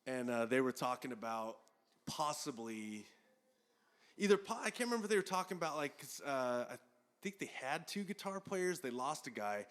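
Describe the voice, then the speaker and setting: A man's voice: medium pitch, normal speed. A man telling a story in casual chat at a house party, swearing a lot and acting out what people said. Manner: profane, animated storyteller acting out quotes. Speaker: former metal band guitarist, podcast guest.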